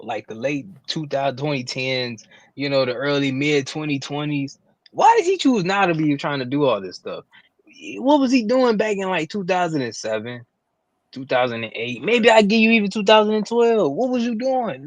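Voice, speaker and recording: High, lively man ranting incredulously. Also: normal speed, dry recording. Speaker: podcast co-host. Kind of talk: casual wrestling review chat.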